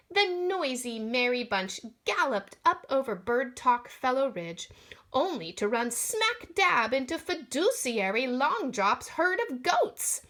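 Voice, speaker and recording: Expressive woman reading a picture book. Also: sits high. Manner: expressive, sound effects in voice. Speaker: storyteller. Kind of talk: storybook read-aloud.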